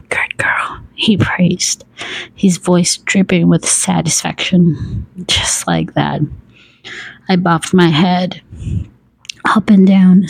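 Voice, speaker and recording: A woman reading a story aloud in a breathy whispered role-play, laughing softly now and then. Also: fairly low pitch, dry recording, low-quality recording. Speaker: story reader.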